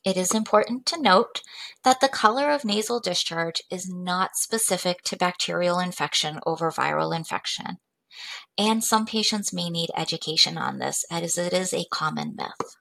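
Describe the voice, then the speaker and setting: A woman presenting a medical case study in a measured, clinical way. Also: lowish voice, vocal fry, a bit bright. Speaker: medical educator.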